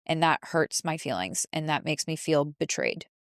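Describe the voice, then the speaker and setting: A woman's voice: deep voice, animated, moderate pace, no echo, clean studio sound. A woman voicing her hurt inner shame part. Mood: hurt, wary.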